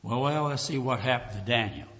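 A man preaching a sermon with emotion, calling his listeners "dear ones" and swinging from hushed talk to loud cries. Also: mid-range voice, fairly quick. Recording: dull lo-fi recording, long hall reverb.

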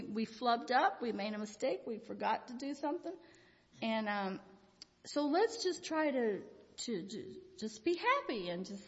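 An older woman delivers an informal Christian devotional talk, wandering through folksy personal stories and chuckling often. Her voice is a little high and a bit bright, recorded with dull lo-fi sound in a reverberant hall.

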